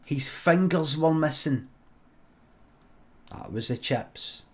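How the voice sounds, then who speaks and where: A man with a Scottish accent improvising a comic story in a deadpan, halting way on a live stream. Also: on the high side.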